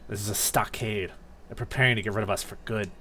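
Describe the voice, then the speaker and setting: A streamer voicing a gruff lizard outlaw who talks in a curt, dismissive way, reading game dialogue aloud. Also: mid-range voice, steady tone, quick pace, sharp tone, slight background noise, lightly acted.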